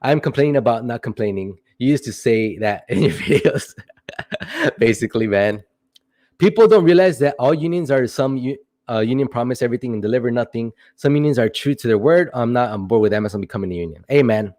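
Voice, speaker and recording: A man's voice: mid-range voice, expressive, darkish tone. Rambling young man on a livestream. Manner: rambling, playful, drawn-out joking asides. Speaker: livestream host answering chat questions. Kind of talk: casual livestream chat.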